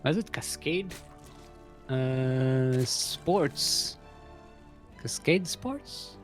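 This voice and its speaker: A man's voice: mid-range voice, very slow, soft background music. A young man casually casting a live game tournament, chatty and rambling, laughing often and a bit out of breath. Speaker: esports caster.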